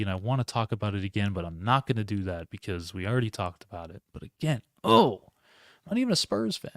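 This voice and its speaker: Running a solo live sports reaction stream, a podcast host with a medium-pitched voice rambles, interrupts himself and talks to his chat. The studio sound is clean, with no room sound.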